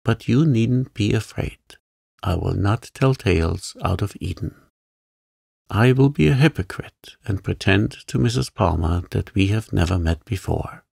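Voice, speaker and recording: A man voicing a charming, playful young gentleman artist in a sleep-story reading, teasing and light. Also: lowish voice, animated, a little slow, gravelly, slightly rough, no room sound, clean studio sound, exaggerated voice.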